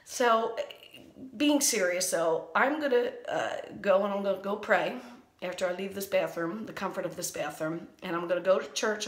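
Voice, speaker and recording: A woman doing a comic vlog monologue, anxious and rambling, with a sarcastic edge, recorded in a small bathroom. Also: medium pitch. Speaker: comedian. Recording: echoey bathroom.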